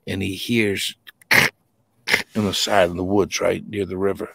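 A middle-aged man from New England, a guest telling a paranormal encounter story in a colloquial, swearing, animated way. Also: deep voice, measured pace, creaky, slight background noise. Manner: colloquial, swears casually, restarts often. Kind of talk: animated storytelling in a podcast interview.

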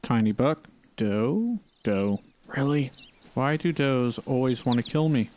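A man's voice: medium pitch, animated, slow pace, darkish tone, a little hiss or hum. A man giving casual gameplay commentary, talking and pleading with the animals on screen. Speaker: gaming channel host.

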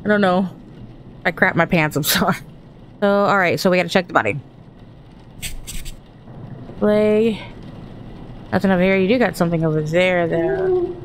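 A Texan woman streams a horror game, chatting and thinking aloud as she plays and startling easily throughout her commentary. Her voice is on the low side at normal speed; she pauses often, and there's a little hiss or hum.

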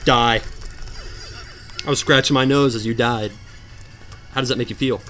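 A man commentating a hard video game, sarcastic and mock-dramatic, swinging from low mutters to sudden outbursts. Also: steady tone, brisk, fairly bright tone, faint music behind. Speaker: gameplay commentator. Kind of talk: let's play commentary.

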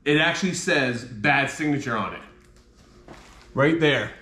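A man's voice: medium pitch, a little slow, bright, forceful tone. A man vlogging about a comic book mystery box, talking in a frustrated, exasperated way with mild swearing. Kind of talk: casual unboxing vlog. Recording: echoey room, faint ambience.

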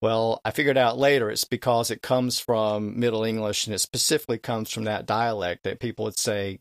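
A man's voice: fairly low pitch, fairly even intonation, fairly quick, hardly any pauses, dry recording, clean studio sound. A man on a podcast, a guest expert explaining the history of English and stretching out vowels to demonstrate old pronunciations.

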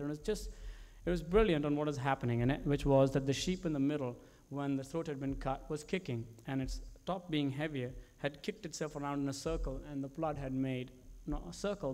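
A male commercial director telling stories about his work in an animated way, with frequent restarts and fillers. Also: fairly high pitch.

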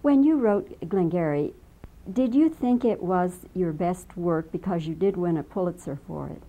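A woman interviewer asking polite, measured questions. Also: lowish voice, dark tone, dull audio. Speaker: interviewer, host.

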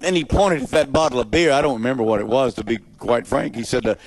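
A man preaching his own testimony in a gravelly, mid-pitched voice, building to loud peaks and then dropping to near-hushed asides. The sound is close and dry, with little room around it. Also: fast, no echo. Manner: dramatic storyteller, swinging from loud high emphasis to quiet low asides. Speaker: evangelist telling his testimony. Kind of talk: sermon testimony storytelling.

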